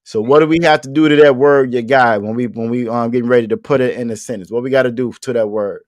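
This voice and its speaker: A language teacher runs an online vocabulary class over a video call, speaking fast in a steady, ordinary middle-pitched voice. He patiently repeats his questions and jokes casually with the students. The recording is dry and close, with no room sound.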